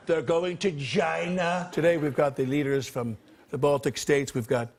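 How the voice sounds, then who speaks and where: An actor playing a brash, boastful president in a sketch comedy impression, with pouty, drawn-out phrasing. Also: male voice, a little high, steady tone, natural voice. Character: brash, boastful male president, late middle-aged. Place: TV studio stage with live audience. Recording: noisy broadcast TV audio.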